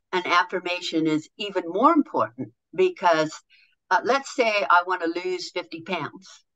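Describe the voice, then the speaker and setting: A woman guest on a podcast, a motivational speaker and author, telling stories in an animated way and acting out quoted voices. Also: lowish voice, highs cut off. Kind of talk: conversational podcast interview.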